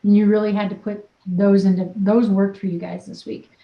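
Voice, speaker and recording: A woman's voice: medium pitch, flat delivery, moderate pace, vocal fry, echoey room, lo-fi sound. A woman wellness coach leading a group session, talking in an upbeat, playful, encouraging way.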